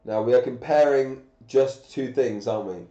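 A man's voice: medium pitch, normal speed, dark tone. A man, sick and coughing, teaching grammar on a live stream with patient step-by-step questions. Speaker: English teacher. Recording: echoey, dull lo-fi room sound.

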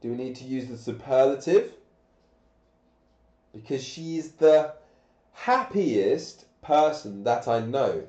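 A man's voice: medium pitch, big pitch swings, takes it slowly, pauses often, darkish tone. A man, sick and coughing, teaching grammar on a live stream with patient step-by-step questions. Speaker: English teacher. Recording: echoey, dull lo-fi room sound.

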